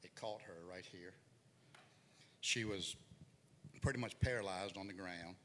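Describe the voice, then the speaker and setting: A man's voice: deep voice, a little slow, a bit bright. A middle-aged man preaching a testimony in a church, his voice swelling and dropping as he tells the story. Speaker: guest preacher. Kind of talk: sermon testimony. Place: church sanctuary. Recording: hall reverb, faint noise.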